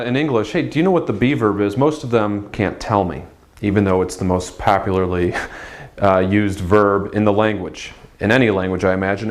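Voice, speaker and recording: A man teaching a language lesson at a whiteboard, drawing out his model words slowly and explaining in a chatty, off-the-cuff way. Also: mid-range voice. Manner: slow, drawn-out model pronunciations between quick English explanations; spontaneous, chatty. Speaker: Chinese teacher. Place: classroom with a whiteboard.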